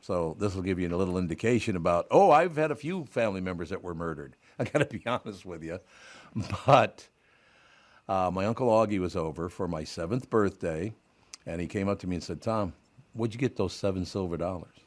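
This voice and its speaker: A man's voice: low voice, expressive, a little fast. An older man hosting a radio show, telling stories in a dry way with sudden laughs. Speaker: radio host. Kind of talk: casual talk radio banter.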